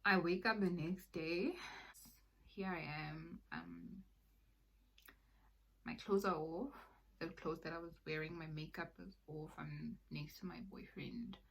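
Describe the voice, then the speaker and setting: A young woman with a slightly low-pitched voice shares her personal testimony. Her delivery is conversational and halting, scattered with fillers. At weighty points she drops toward a soft near-whisper. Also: fairly even intonation, breathy edge, low-quality recording. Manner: halting, conversational, many fillers like "like" and "you know". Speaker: person sharing a faith testimony.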